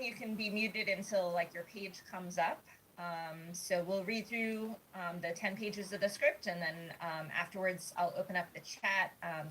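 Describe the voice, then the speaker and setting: A woman's voice: on the low side, fairly bright tone, slight background noise, poor audio. Upbeat chatty woman hosting a table read. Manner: chatty, filler-laden and upbeat. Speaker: host of a script reading. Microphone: video call.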